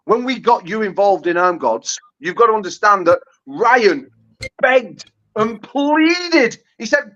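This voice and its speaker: British guy trash talking, high pitched, swears a lot, laughs mid-insult, kinda muffled lo-fi call sound. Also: sing-song, slow pace, fairly bright tone. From United Kingdom. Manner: mocking, crude, laughing, stumbling restarts. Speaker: guest arm wrestler. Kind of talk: profane trash talk on a call-in show.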